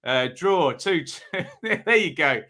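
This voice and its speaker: A man's voice: on the high side, animated, slow pace, pushed and bright. A man hosting a live football predictions stream, chatting casually, reading out viewers' picks and tossing in tag questions. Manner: chatty and upbeat, many ums and rhetorical tag questions.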